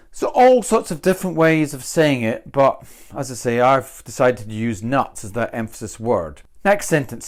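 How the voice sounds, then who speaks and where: A man's voice: medium pitch, sing-song, measured pace. A man from Britain teaching English pronunciation, thinking aloud and repeating example sentences with different stress. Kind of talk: explanatory lesson.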